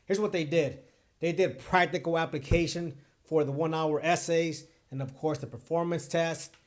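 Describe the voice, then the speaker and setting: An emphatic man talking straight to his viewers as a bar exam tutor. His voice sits a little high, and he comes back to the same point more than once to stress it. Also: steady tone, normal speed. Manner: earnest, emphatic, repeats points. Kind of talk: direct-to-camera talk.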